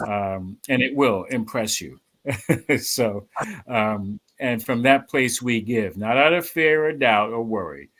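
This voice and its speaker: A man's voice: mid-range voice, slow pace, rough recording. Rambling man giving church announcements. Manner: relaxed, rambling with many fillers. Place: spiritual center service.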